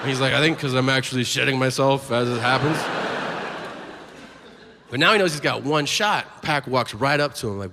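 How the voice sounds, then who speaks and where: A man doing a stand-up set, telling stories with animated shouted voices. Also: mid-range voice, moderate pace. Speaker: stand-up comedian. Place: large venue with audience. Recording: live hall with crowd noise.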